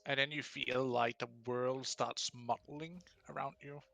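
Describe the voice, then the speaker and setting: A man's voice: medium pitch, fairly even intonation, a little slow, vocal fry, pushed and bright, no room sound. A man running a tabletop game as game master, narrating the action in a dry, matter-of-fact way.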